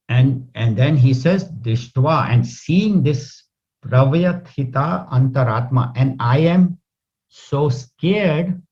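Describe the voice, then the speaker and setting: A man's voice: mid-range voice, darkish tone. A man explaining scripture verses to listeners, acting out quoted lines with a rising voice. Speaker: spiritual teacher. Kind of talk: scripture commentary talk. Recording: slightly dull lo-fi recording.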